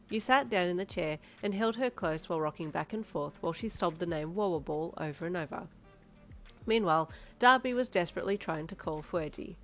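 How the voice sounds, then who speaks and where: A woman narrating a second-person fan fiction story in a soft, even storytelling manner. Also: fairly low pitch, brisk, faint music behind.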